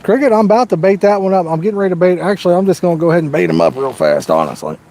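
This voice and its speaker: A man's voice: sits high, big pitch swings, racing, vocal fry, dark tone. A middle-aged man with a Southern US accent, hosting a fishing livestream outdoors by the water in a folksy, joking way. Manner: folksy, joking, corny one-liners. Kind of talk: casual live-stream chat.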